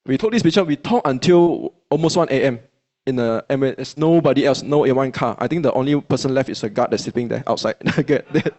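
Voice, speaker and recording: Speaking quickly in a mid-range voice, a Malaysian English-accented man at a business event gives his audience an animated, colloquial motivational story. He performs his own lines of dialogue as he goes.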